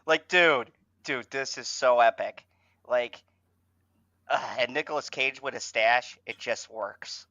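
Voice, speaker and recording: A man hosting a casual fan podcast, swearing and stammering, swinging between exasperation and excitement. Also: mid-range voice, takes it slowly, dull audio. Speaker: host.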